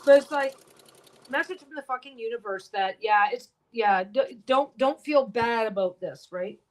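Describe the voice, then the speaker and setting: Blunt, foul-mouthed woman, fairly high voice. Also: normal speed, rough recording. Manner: swears a lot, blunt and talkative. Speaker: quilter and livestream host. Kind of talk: casual livestream chat while sewing. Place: home sewing room.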